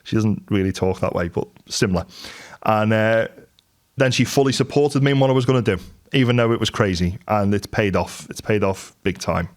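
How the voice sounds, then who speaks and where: A middle-aged man talks straight to camera about business, in a candid, storytelling way. His voice sits on the lower side, and the talk is unscripted and conversational. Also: normal speed. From England. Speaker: business and property coach.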